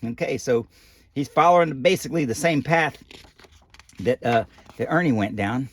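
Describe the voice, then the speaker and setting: A man's voice: medium pitch, lively intonation, normal speed, no room sound. A man reading a picture book aloud, breaking off for folksy, rambling, joking asides. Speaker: storybook reader.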